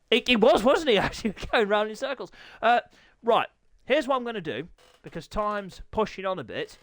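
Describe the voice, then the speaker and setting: A man hosting a sim-racing league stream, commentating and chatting with his riders in a jokey, excitable way that breaks into yelps and laughter. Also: high-pitched, normal speed, no room sound. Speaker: race league host and streamer. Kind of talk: live race commentary and chat.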